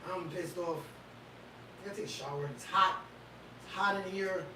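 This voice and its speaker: Man, high voice, ranting livestream host, casual, faint background hum. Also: moderate pace. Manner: animated, ranting and exasperated, talks to chat. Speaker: livestream host reacting to fights. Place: home room.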